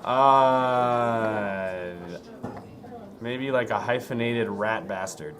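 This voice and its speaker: A man's voice: mid-range voice, drawn-out words. A man being interviewed as a guest at a live bar show, easygoing and joking along. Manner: easygoing, jokey. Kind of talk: casual interview chat. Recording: loud bar crowd noise. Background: crowd chatter.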